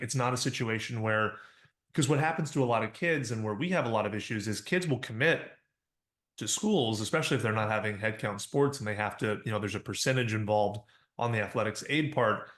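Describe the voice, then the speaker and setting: A man's voice: on the low side, a little fast, fairly bright tone. A man co-hosting a podcast, explaining points confidently and sometimes acting out quoted voices. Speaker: co-founder and podcast guest. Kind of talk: casual podcast discussion. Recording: roomy echo.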